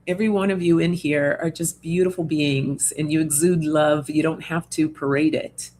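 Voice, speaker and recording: A woman's voice: deep voice, fairly even intonation, moderate pace, darkish tone, slight background noise. A woman hosting an oracle card reading livestream in casual chat, reading out viewer comments, reassuring and laughing often. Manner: chatty and reassuring, laughs often, many fillers.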